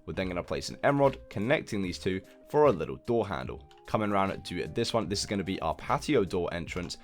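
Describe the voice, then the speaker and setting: A young man hosting a building game tutorial, chatting casually and poking fun at himself while counting blocks out loud. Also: deep voice, animated, quick pace. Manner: chatty, self-deprecating, counts blocks aloud. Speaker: Minecraft building tutorial host. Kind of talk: casual gameplay tutorial commentary.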